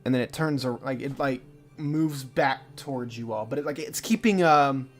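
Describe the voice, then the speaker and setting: A man's voice: medium pitch, moderate pace, soft background music. A young man narrating as game master in a live tabletop game, rambling loosely with lots of fillers.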